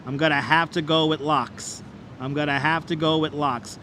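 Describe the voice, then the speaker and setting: Striding over a city bridge during a livestream, the host keeps his walking-tour commentary chatty and repetitive, pumping up like counts in playful auctioneer fashion. He speaks at a normal speed in a high, bright, forceful voice with fairly even intonation. Faint traffic sounds sit behind him, picked up by a wireless clip-on mic outdoors.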